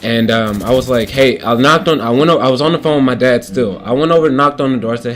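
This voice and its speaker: A man's voice: medium pitch, brisk. A young man giving casual game commentary while telling a story, loose and rambling with lots of restarts and fillers. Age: young adult. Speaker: gaming commentator. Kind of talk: casual storytelling over gameplay. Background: faint guitar playing.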